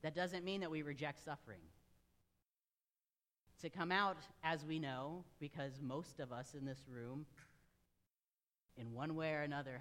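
A man's voice: on the high side, a bit bright. A man preaching a sermon in a church, earnest and conversational, speaking directly to his congregation. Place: church sanctuary. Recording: long reverb of a large room.

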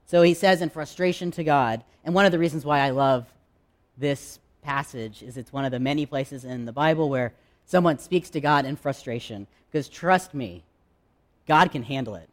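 A man preaching a sermon in a candid, conversational way, with dramatic pauses. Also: on the high side. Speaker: pastor.

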